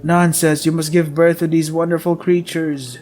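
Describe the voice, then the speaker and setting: A man voicing the hands of God, a cold, judging chorus of disembodied divine hands, speaking in slow, solemn pronouncements. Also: on the high side, little pitch movement, a little mellow, soft background music, close to an everyday voice. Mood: mock cheerful.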